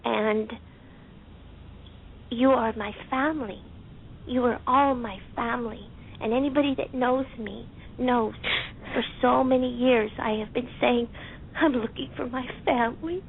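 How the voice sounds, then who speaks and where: A woman calling in to a talk show by phone, speaking in a heartfelt, halting and soft-spoken way. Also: on the high side, fairly even intonation, vocal fry, slight background noise. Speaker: caller. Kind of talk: emotional call-in testimony. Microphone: telephone. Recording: tinny phone line.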